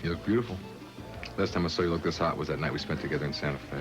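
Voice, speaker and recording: A man's voice: very deep voice, racing, over music. An actor playing a smug, flirtatious man in a soap opera.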